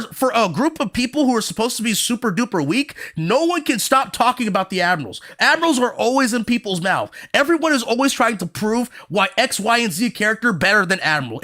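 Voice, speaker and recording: A man hosting a podcast, ranting heatedly and profanely, repeating himself and mimicking other people's arguments. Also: extremely high pitch. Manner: profane, animated, repeats himself, mocks others in quoted voices. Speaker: podcast host. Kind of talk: heated casual rant.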